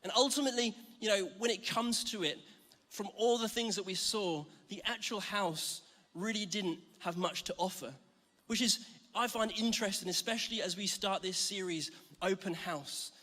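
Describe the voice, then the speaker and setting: A man's voice: high voice, moderate pace, sharp tone. A man from Scotland giving a chatty, self-mocking sermon as a church preacher. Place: large church hall. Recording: reverberant church hall.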